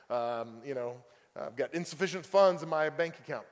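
A man's voice: mid-range voice, moderate pace. Man preaching in a reverberant hall. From Oklahoma. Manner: conversational preaching with fillers and acted-out quotes. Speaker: pastor. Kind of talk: sermon. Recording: long reverb of a church hall.

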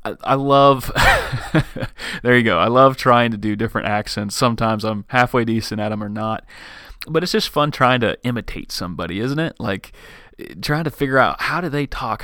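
A man's voice: on the low side, pushed and bright, dry recording, clean studio sound. An American man closing his podcast episode with an enthusiastic sign-off and a short devotional thought. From United States. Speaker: podcast host.

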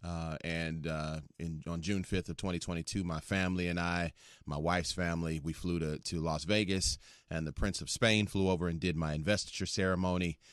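Deep-voiced man speaking calmly as a guest. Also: no echo, studio quality. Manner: calm, measured, preacherly phrasing. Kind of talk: radio talk show interview.

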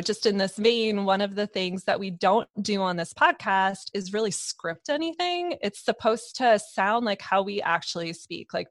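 A woman's voice: medium pitch, dry recording. Podcast host lady, chatty with upspeak, dry close sound. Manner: animated storytelling, frequent likes, rising upspeak. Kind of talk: casual chat.

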